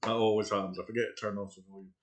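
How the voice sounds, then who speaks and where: A middle-aged man co-hosting a casual live chat show, chatty and quick to laugh. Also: lowish voice, level tone, slight background noise. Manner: chatty, laughs often, reads out quotes.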